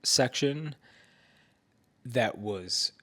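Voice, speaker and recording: Tired, stuffed-up man talking slowly. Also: mid-range voice, expressive, fairly bright tone. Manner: rambling, with fillers and restarts. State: stuffed-up nose. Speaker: vlogger. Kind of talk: casual late-night vlog recap. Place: at home.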